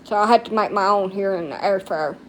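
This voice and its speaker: A woman's voice: medium pitch, fairly quick, a little hiss or hum. A middle-aged woman chatting casually on a live stream, rambling and crude-mouthed.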